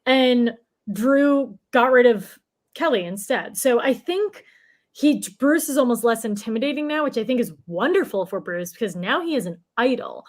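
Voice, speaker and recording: A woman's voice: fairly high pitch, animated, normal speed. A woman from the Boston area co-hosting a casual podcast, chatty and full of filler words. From Boston area, USA. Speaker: podcast co-host.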